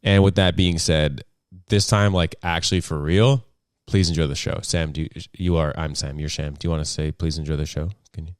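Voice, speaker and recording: A man's voice: very deep voice, fairly even intonation, brisk, few pauses, smooth, no echo, studio quality. A young man hosting a casual solo podcast at home, rambling and joking about himself. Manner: rambling, jokey and self-deprecating. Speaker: podcast host.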